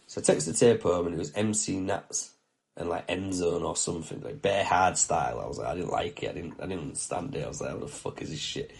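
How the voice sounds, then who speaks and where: A man's voice: sits low, fast, creaky, a little mellow. A man, a podcast host telling a story casually, with heavy swearing and slang and heartfelt talk.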